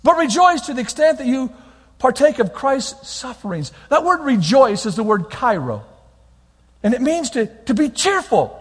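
A man preaching a lively sermon, his voice pitched very high and slightly husky. He swings between soft asides and loud exhortation with plenty of melodic movement. The sound carries a long reverb from a large church hall. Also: normal speed. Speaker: pastor.

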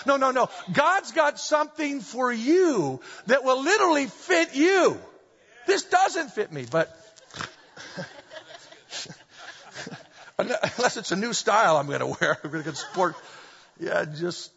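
A middle-aged man preaching a sermon, animated and full of humorous storytelling, recorded in a church hall. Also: very high voice, unhurried, gravelly, long pauses, husky. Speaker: pastor. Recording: dull echoey hall recording.

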